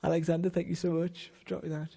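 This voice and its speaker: A man's voice: a little high, flat delivery, fast talker, vocal fry, warm tone. Tearful, giddy male livestreamer signing off. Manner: effusive, emotional, swears casually. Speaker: livestream host. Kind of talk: casual livestream sign-off chat.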